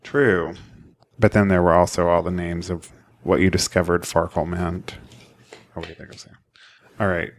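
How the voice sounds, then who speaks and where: A man's voice: sits low, level tone, moderate pace, long pauses. A man co-hosting a casual podcast, bantering and teasing his partner while they play cards. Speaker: podcast co-host.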